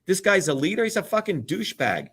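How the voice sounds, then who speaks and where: This man speaks in a fairly high voice and rants with heat and plenty of swearing. He hammers his points home as an interview guest, chanting the same line over and over. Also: sing-song, fast, a bit bright, breathy edge. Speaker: political candidate guest. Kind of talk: heated profane rant.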